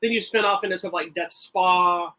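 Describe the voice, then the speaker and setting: Rambling, animated male podcast co-host. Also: sits high, moderate pace, low-quality recording. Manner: rambling, animated storytelling with restarts. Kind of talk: casual chat.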